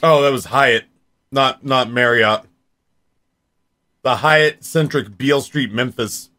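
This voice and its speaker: A man's voice: medium pitch, slow pace, pushed and bright. A man in his forties chatting casually on a live stream, rambling and talking straight to his viewers. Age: 40s.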